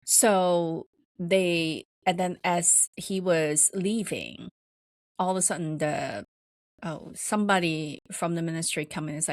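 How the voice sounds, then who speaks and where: Female podcast host, low voice, rambling casual storyteller, dry close mic. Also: a little slow, no room sound. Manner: rambling, many fillers, acts out quoted voices higher.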